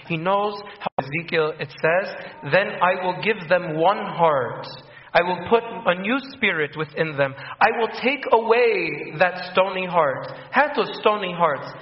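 High-voiced man preaching in an echoey room. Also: lively intonation, a little slow. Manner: earnest, repeats key phrases, acts out quoted voices. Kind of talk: sermon. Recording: echoey room, dull lo-fi sound.

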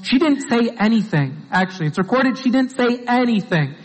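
A man's voice: very high-pitched, lively intonation, moderate pace. A man giving an informal sermon as a preacher, earnest and full of rhetorical questions to his listeners. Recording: long hall reverb.

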